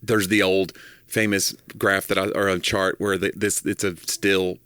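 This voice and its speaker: A man's voice: low-pitched, level tone, a little slow, fairly bright tone, clean tone. A man in his fifties, a podcast co-host chatting casually and telling jokes with a laugh. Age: 50s. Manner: laughing storyteller who tells jokes. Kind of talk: casual chat.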